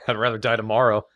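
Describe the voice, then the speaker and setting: A man's voice: on the low side, sharp tone, dry recording. A man casually commentating a game he is playing, explaining its mechanics and laughing easily. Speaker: let's play host.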